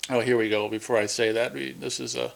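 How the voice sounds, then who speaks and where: A man's voice: mid-range voice, steady tone, fast talker, vocal fry. Rambling man chatting. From Minnesota. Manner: rambling, chatty, self-interrupting. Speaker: film commentator. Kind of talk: casual movie commentary.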